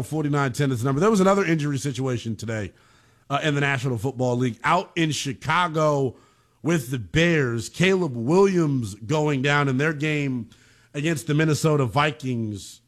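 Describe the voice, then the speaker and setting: A man's voice: fairly high pitch, normal speed. A man hosting a sports talk show, arguing football calls with impassioned, emphatic conversational commentary. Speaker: sports radio host.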